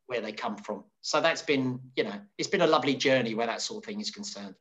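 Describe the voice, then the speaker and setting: A middle-aged man, a hairdresser, telling rambling stories as an interview guest, jumping up in pitch to act out what people said. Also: quick pace. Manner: animated, acts out quoted voices with sudden high pitch; rambling, many restarts and fillers. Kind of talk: casual storytelling.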